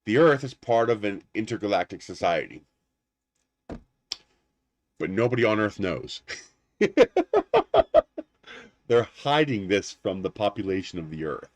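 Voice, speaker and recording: A man hosting a casual livestream, rambling and animated, laughing at his own jokes. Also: lowish voice, a little slow, long pauses, dry recording. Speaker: livestream host.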